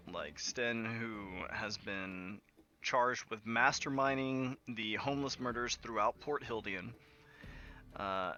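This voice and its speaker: A man's voice: mid-range voice, sharp tone, dull audio. A man narrating a tabletop game as game master in a casual, laughing way with many fillers, over an online voice call.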